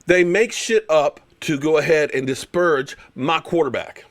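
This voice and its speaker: A man's voice: fairly high pitch, animated, normal speed. A man hosting a live stream, ranting about football in a fired-up, sarcastic way and repeating words for emphasis. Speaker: show host and former pro football player. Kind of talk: heated live-stream sports rant.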